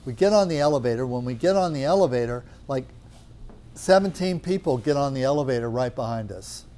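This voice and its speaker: A man's voice: mid-range voice, animated, fairly quick, mellow. A middle-aged man who teaches natural medicine tells a rambling anecdote to a class, acting out the dialogue with lots of chatty fillers.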